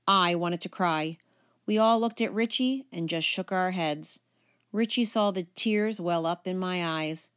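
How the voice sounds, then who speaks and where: A woman teacher reading a children's picture book aloud, with expressive, animated storytelling. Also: lowish voice, a little slow, smooth.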